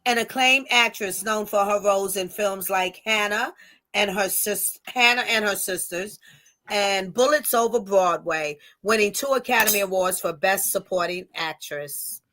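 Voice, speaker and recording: A woman's voice: mid-range voice, a little slow, pushed and bright. A woman co-hosting a livestreamed podcast, reading fun facts from notes with small stumbles and laughs, over a video call. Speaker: podcast co-host.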